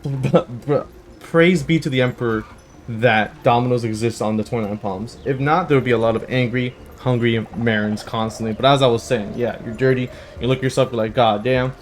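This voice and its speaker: A young man in his twenties, a gaming channel host, telling a rambling, jokey story in a casual way, with sudden loud bursts. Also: mid-range voice, brisk, a little hiss or hum. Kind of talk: casual storytelling over gameplay. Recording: faint background music.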